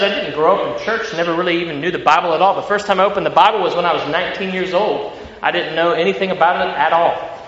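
High bright Ohio country-accented preacher. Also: male voice. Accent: Ohio country American. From Ohio, US Midwest. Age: late 30s. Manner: energetic, repeats words, frequent fillers. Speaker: pastor. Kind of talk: sermon. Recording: echoey hall, dull sound.

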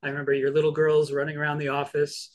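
A man hosts a podcast and asks long, rambling questions. He stops and starts often as he works his way to the point. His voice sits somewhat high for a man. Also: monotone. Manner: meandering, halting questions. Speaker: podcast host. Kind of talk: casual interview chat.

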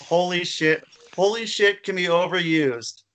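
A man's voice: high voice, a little slow, fairly bright tone, a little hiss or hum. A man co-hosting a podcast in laid-back, rambling casual chat, swearing freely. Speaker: podcast co-host.

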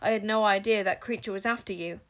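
A woman's voice: medium pitch, steady tone, quick pace, a bit bright, close to an everyday voice. Woman reading grown man wizard, earnest, urgent, storybook.

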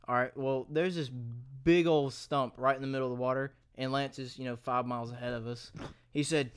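A man's voice: medium pitch, fairly even intonation, a little fast, clear, resonant tone. A young man animatedly telling a story among friends, laughing and acting out quotes.

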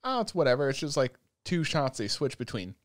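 A man in casual chat about an anime, animated and swearing often as he acts out scenes in quick quoted voices. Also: mid-range voice, no room sound, clean studio sound. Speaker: anime discussion co-host.

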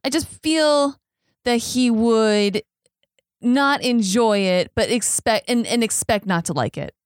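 A woman's voice: on the high side, expressive, slow pace, clean tone, no echo, clean studio sound. A woman guest on a podcast in casual chat, hesitant and often trailing off.

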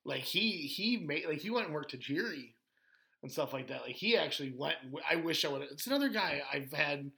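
A man's voice: fairly high pitch, animated, fairly quick, creaky, pushed and bright. A man, a former pro wrestler, rambling through stories in casual podcast chat with lots of fillers and laughter.

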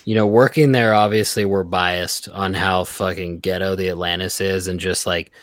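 A young man telling a profane, animated workplace story in casual podcast talk, acting out his coworkers' lines. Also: sits low, moderate pace, dry recording, clean studio sound. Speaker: podcast guest.

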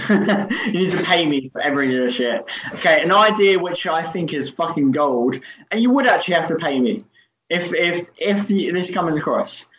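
A man's voice: on the high side, animated, moderate pace, fairly bright tone, slight background noise. Sweary, joking man in an echoey room. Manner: joking, sweary, laughing often. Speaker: podcast co-host. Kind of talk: casual chat. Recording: echoey room, dull lo-fi audio.

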